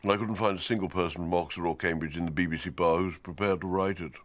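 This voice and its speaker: An actor playing a pompous, plummy older television executive reminiscing smugly. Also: male voice, deep voice, steady tone, fast, lightly acted.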